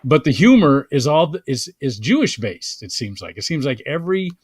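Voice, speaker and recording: A man hosting a casual comedy talk show, talking in halting bursts with frequent restarts. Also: medium pitch, very animated, slightly rough, no echo, clean studio sound. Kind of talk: casual chat.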